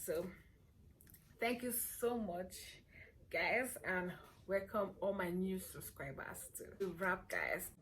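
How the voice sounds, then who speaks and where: Hoarse Nigerian young woman vlogging. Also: on the low side, a little hiss or hum. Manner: chatty, playful and self-assured. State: hoarse from a cold and sore throat. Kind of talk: casual chat to camera.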